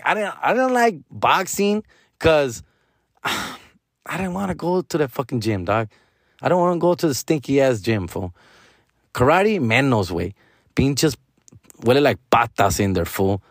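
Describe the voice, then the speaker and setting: A man's voice: mid-range voice, no echo, clean studio sound. A man, telling stories in a casual, profane way, tossing in "fool", "dog" and Spanish slang. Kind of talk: casual storytelling chat.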